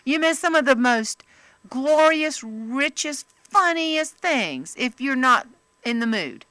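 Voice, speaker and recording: A middle-aged woman comedian, telling stories in a lively interview and jumping into high voices when she quotes people. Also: slow pace, dry recording. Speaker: comedian and author, interview guest. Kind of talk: casual interview chat.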